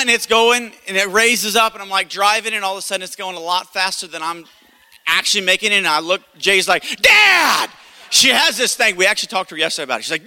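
A man in his thirties preaching a sermon, telling a personal story in an animated way and acting out the voices. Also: sits high. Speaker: pastor. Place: church hall. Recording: long hall reverb.

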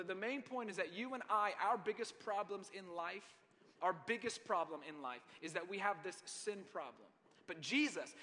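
A man's voice: high-pitched, sharp tone, a little hiss or hum. A man preaching a sermon as a pastor, in a humorous, conversational storytelling manner. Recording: long hall reverb.

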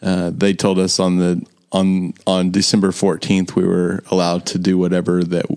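A man's voice: deep voice, completely flat delivery, moderate pace, a little mellow, smooth. A man, co-hosting a casual chat and telling a self-deprecating story about his office. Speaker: podcast co-host.

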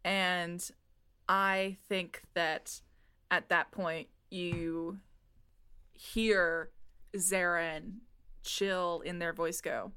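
Woman GM for a tabletop game, bright and clean tone, easygoing scene narration. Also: lowish voice, very slow, pauses often, clear, resonant tone. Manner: relaxed, descriptive narration with small restarts. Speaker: game master.

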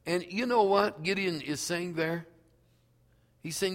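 Man preaching slow and emphatic, bit high voice, big echoey church. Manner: slow, emphatic preaching, reading scripture aloud. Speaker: pastor. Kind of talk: sermon.

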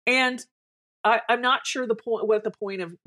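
A woman's voice: on the high side, normal speed, pushed and bright. A woman co-hosting a podcast in casual chat, blunt and opinionated, often restarting her sentences.

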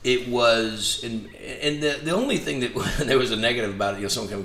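He's a guest chatting in a conversation, his medium-pitched voice moving at a brisk clip as he tells animated stories and voices the quoted dialogue. Faint noise and echo fill the room around him.

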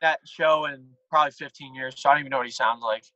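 Bright-voiced man on a podcast. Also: mid-range voice, fairly even intonation, fast talker, dry recording, highs cut off. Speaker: podcast guest. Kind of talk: casual podcast chat.

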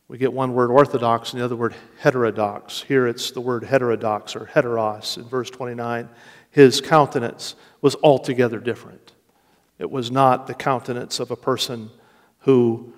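A man preaching a sermon with slow, deliberate delivery and rising emphasis. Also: mid-range voice. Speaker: pastor. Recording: long reverb of a large hall.

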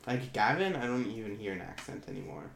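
A man's voice: lowish voice, big pitch swings, fast, creaky, fairly bright tone. A man chatting casually as a podcast host, rambling with many restarts and hesitations. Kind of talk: casual chat. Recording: echoey room with faint noise.

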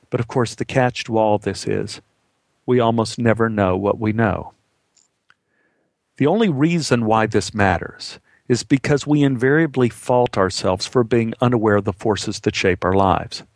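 A man telling a personal story as a monologue, with wry, dry humor and an unhurried manner. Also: fairly low pitch, no room sound.

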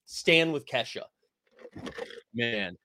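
A man hosting a casual sports talk stream, animated and rambling, who swears freely and reads from the chat. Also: mid-range voice, very slow, a little hiss or hum. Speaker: podcast host reading chat.

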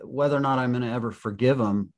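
A man's voice: mid-range voice, fast. A man co-hosting a casual podcast chat. He chimes in with wry, jaded jokes and pokes fun at himself in a loose, conversational way. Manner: wry, jokey, self-deprecating. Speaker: podcast co-host.

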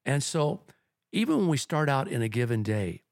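A man's voice: medium pitch, very animated, moderate pace, creaky, darkish tone, no room sound, clean studio sound. A middle-aged man, a pastor, telling personal stories earnestly in a casual podcast discussion. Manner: earnest storyteller, tells personal anecdotes.

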